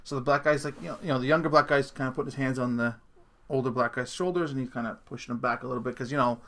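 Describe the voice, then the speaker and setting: A man rambles through a casual solo rant, breaking into laughter and restarting his sentences. His voice sits a little high and comes across bright and forceful. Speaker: podcast host.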